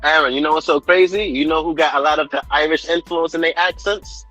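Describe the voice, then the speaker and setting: A man's voice: on the high side, fairly even intonation, fairly quick, sharp tone, lo-fi sound, soft background music. A man with a New York accent, talking in casual group chat, restarting and repeating himself as he argues a point.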